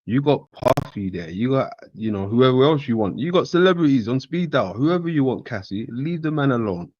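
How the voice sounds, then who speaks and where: A man's voice: medium pitch, lively intonation, moderate pace, darkish tone, dry recording, highs cut off. A man hosting, commenting in a joking, sarcastic way. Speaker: host. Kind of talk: casual commentary.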